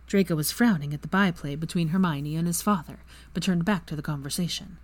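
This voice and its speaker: A woman reading fan fiction aloud as narrator in a steady, even manner. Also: sits low, brisk, dry recording. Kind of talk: story narration.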